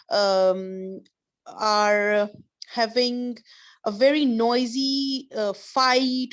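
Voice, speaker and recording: A woman teacher leads an online class over a video call. Her voice sits a little high, and she explains slowly and kindly, giving example after example.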